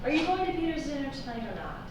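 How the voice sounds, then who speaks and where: A woman's voice: high-pitched, big pitch swings, fast talker. A woman playing a young woman who giggles and teases her gloomy friend. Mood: amused. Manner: giggly, teasing. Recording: echoey room, distant mic, noisy.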